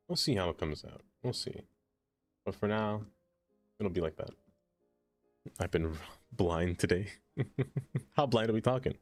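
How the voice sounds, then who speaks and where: Low-voiced guy streaming a city builder, laughs a lot, lively up and down talk, faint music playing behind. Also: unhurried, pauses often. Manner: chatty, laughs often, talks to chat and to himself. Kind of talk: casual live-stream chat while playing a city builder.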